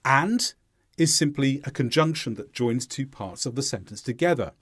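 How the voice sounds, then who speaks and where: A man teaching English pronunciation, explaining clearly and modelling sounds aloud. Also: medium pitch, lively intonation, moderate pace, a bit bright, no room sound, studio quality. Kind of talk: instructional lesson narration.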